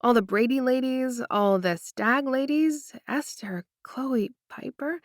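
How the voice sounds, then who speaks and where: A woman reading a first-person romance audiobook with intimate, expressive storytelling. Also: high voice, takes it slowly, no room sound, clean studio sound. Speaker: audiobook narrator.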